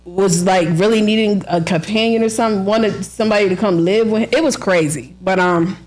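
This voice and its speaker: A woman who is an author and book coach, chatting as a podcast guest, full of fillers and quick to laugh. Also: medium pitch, a little mellow. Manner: chatty storyteller, lots of "like" fillers, laughs often. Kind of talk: casual interview chat.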